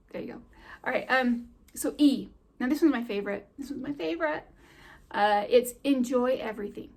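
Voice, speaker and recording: A middle-aged woman in a homeschooling vlog, talking straight to the camera in a chatty, heartfelt way. She laughs easily. Her voice sits a little high. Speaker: homeschool vlogger. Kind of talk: encouraging talk to camera.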